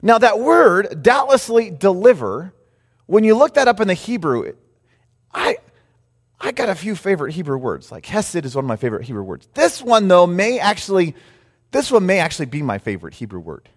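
A man preaching a sermon, telling a story with lively acted-out quotes. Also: high-pitched, normal speed, long reverb tail. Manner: animated storytelling, acts out quotes. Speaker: pastor.

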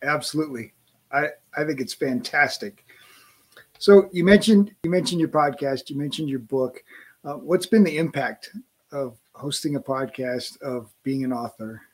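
A man's voice: medium pitch, moderate pace. A man hosting a podcast, asking encouraging, short questions of his guest. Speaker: podcast host. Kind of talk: interview questions.

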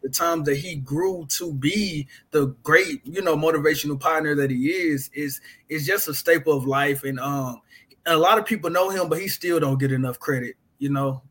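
A man with a fairly high voice talks earnestly. He halts often and restarts his sentences, in an easy conversational tone. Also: fairly bright tone, husky. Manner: earnest, halting, many restarts. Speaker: guest. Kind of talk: casual conversation.

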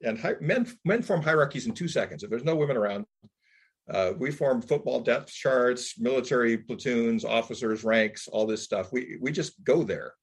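A man's voice: mid-range voice, animated, normal speed, slightly rough. A man interviewing a pastor, musing and thinking aloud about church and culture. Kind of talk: reflective interview talk.

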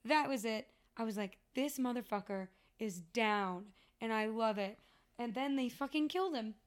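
A woman co-hosting a podcast in casual chat, animated and expressive, swearing freely and laughing often. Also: fairly high pitch, fairly quick. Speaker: podcast co-host.

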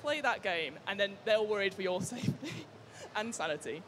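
A man, a game master speaking on a live panel, lively and animated with quick bursts of speech. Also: sits high, a little hiss or hum. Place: stage before a live audience.

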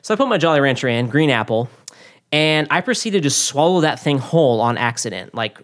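Fast-talking man telling a personal story. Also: medium pitch, expressive, a bit bright. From Florida. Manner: earnest, restarts phrases and repeats words. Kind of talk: personal storytelling in casual chat.

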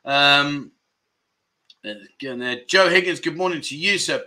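A man with a bright, forceful, slightly high voice hosts a relaxed livestream. He greets viewers by name in a cheerful, chatty way and chuckles between comments. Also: measured pace. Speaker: livestream host. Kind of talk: casual livestream chat reading comments.

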